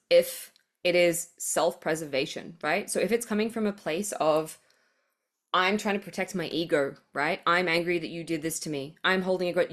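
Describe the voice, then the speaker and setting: A woman hosting a podcast, giving a rambling spiritual monologue, full of fillers and blunt swearing. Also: lowish voice. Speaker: podcast host.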